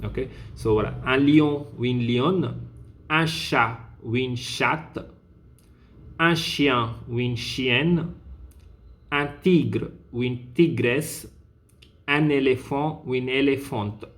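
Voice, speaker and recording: A man teaching a French revision lesson, explaining patiently and repeating phrases with a steady "okay", slowing down to spell out French words. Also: mid-range voice.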